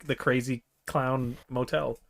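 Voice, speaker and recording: A man's voice: mid-range voice, little pitch movement, takes it slowly, vocal fry, a crowd in the background. A man narrating a tabletop game as game master in a loose, joking manner. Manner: loose, joking, with frequent swearing.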